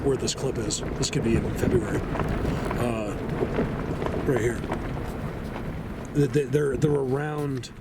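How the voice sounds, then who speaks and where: A man vlogging on foot in a forest, rambling and defiant, chuckling at his own jabs, at times out of breath. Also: mid-range voice. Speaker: outdoor vlogger. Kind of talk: casual walking vlog to camera. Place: outdoors in a forest. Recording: noisy outdoor camera audio.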